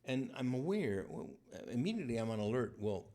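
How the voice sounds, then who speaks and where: A man's voice: mid-range voice, very animated, fairly quick, warm tone. A male priest giving a conversational sermon, acting out the dialogue as he goes.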